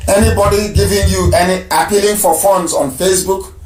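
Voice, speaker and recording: A man with a high voice hosts a live radio call-in show and talks emphatically, hammering points home by saying them again and again. His voice rings in an echoey room. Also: steady tone, a little fast, faint music behind. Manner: emphatic, repeats phrases for stress. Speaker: radio broadcast host.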